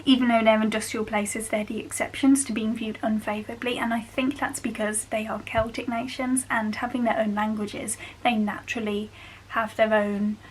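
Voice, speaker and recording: Young woman, Black Country accent, casual vlog chat, fairly high voice, faint hiss behind. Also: level tone, normal speed, low-quality recording. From England. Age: young adult. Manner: chatty and musing, laughs often. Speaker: vlogger.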